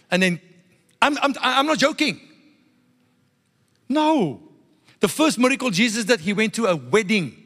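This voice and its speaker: A man preaching a sermon to a congregation as pastor, animated and playful, with call-and-response asides. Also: sits high, in a large hall.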